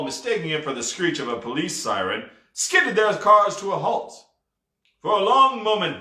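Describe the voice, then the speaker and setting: Bright-voiced man reading a story aloud. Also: a little high, echoey room. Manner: expressive, with casual asides. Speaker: storybook reader.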